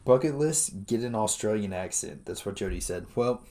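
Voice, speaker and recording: Animated, excitable podcast host, man. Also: fairly low pitch, moderate pace. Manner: excitable, animated, swears casually, says dude a lot. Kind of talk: casual chat.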